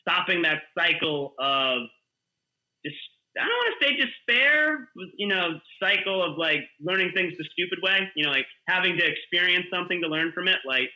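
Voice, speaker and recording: A man telling animated stories as a guest on a casual podcast, full of "you know" and "like". His voice is high and sharply bright, with a forceful edge. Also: moderate pace, poor audio. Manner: animated storyteller, filler-heavy. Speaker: guest, kids jiu-jitsu coach.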